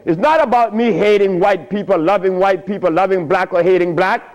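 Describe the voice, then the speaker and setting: A man's voice: high voice, brisk, low-quality recording. A man giving an informal lecture to an audience, telling stories with loose grammar and frequent chuckles. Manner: animated storytelling with frequent chuckles. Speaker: speaker addressing an audience.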